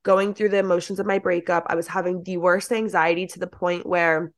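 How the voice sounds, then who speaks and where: A woman's voice: on the low side, steady tone, a little fast. A young woman as a podcast guest, chatting casually and peppering her talk with "like". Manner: chatty, lots of "like", acts out quoted thoughts. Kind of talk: casual chat.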